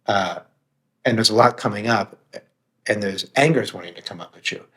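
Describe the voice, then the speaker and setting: A man with a voice on the low side and a sharp tone talks at normal speed as a podcast guest. An author and meditation teacher, he is candid, earnest, and reflective, with the occasional curse word for emphasis.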